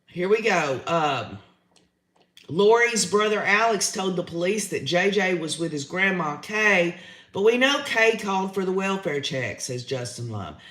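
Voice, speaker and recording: A man's voice: high voice, lively intonation, unhurried, bright, forceful tone, roomy sound. A man, hosting a livestream, giving his opinions in a chatty way and reading out viewer comments. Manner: chatty, opinionated, says y'all often. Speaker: livestream host reading chat.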